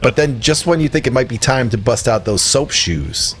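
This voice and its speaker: A man's voice: medium pitch, moderate pace, soft background music. Rambling, jokey male podcast host. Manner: rambling, jokey and animated, laughing at his own lines. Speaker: podcast co-host reviewing records. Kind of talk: casual chat.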